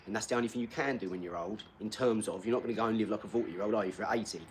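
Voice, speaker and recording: A man's voice: on the low side, very fast, slight background noise. A man, chatting casually on a live stream and bantering with a troll in his comments.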